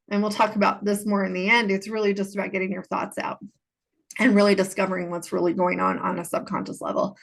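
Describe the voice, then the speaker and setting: The adult healing coach hosting this solo podcast has a medium-pitched, gravelly, slightly bright voice. Earnest and casual as she discusses healing, she repeats phrases for emphasis.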